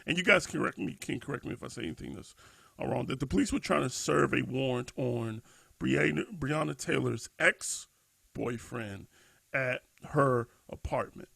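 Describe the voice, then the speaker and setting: A man with a deeply gravelly, slightly husky voice talks through a topic on a podcast, restarting sentences and leaning on fillers as he thinks. The recording is close and dry, with no room sound. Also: fairly bright tone, dry recording. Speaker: podcast co-host. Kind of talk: casual discussion podcast.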